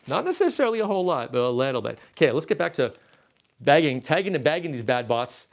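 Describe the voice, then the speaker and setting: A man's voice: a little high, fast talker, vocal fry. A man from Canada hosting a casual livestream, reading viewer chat aloud and rambling playfully as he packs up his collection. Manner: rambling, playful, easily excited. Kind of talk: casual livestream chat while packing toys.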